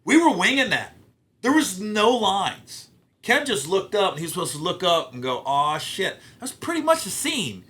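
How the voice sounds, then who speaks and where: Give me a bright, punchy middle-aged man spinning loose, profane show-business stories as a podcast guest. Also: high voice, moderate pace. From Ohio. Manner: animated, profane, acts out quotes. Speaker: guest comedian. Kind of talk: casual storytelling interview.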